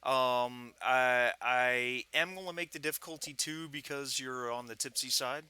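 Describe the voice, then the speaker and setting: A man running a tabletop game as game master, narrating with relaxed ums and chuckles. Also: medium pitch, a little slow, clean tone, no echo.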